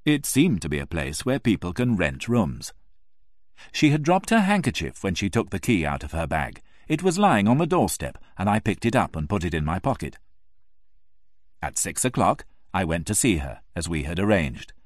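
Deep guy reading a story, lots of swing in his voice, super dry close mic. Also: moderate pace, no echo. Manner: expressive, emotional first-person telling. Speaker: narrator.

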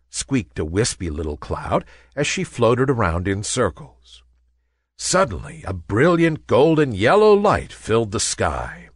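Slow, sing-song male storyteller. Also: on the low side, breathy edge, no room sound, clean studio sound. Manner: expressive, sing-song reading. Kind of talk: children's story reading.

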